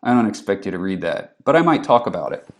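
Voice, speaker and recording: Low-voiced man giving a lecture. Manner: relaxed, frequent ums, reads Old English verse slowly. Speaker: literature lecturer. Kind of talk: recorded classroom lecture.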